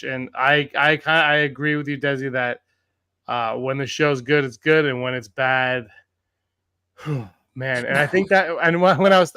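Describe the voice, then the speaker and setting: A man's voice: mid-range voice, pushed and bright, clean tone, no room sound, studio quality. A man hosting a podcast over a video call, chatting casually, laughing often and restarting his sentences. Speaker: podcast host.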